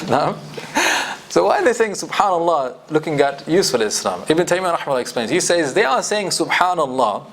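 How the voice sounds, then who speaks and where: Animated British man teaching Quran commentary. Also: fairly high pitch, fairly quick, a little hiss or hum. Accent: British English. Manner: animated, reciting Arabic verses between English explanation. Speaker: Islamic studies teacher. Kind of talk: lively Quran commentary class.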